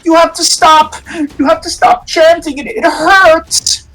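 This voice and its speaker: A woman's voice: very high voice, steady tone, a little slow, fairly bright tone, voice pushed up, low-quality recording. A man voicing a spirit disguised as a young ex-girlfriend, pleading desperately and trying to tempt the listener.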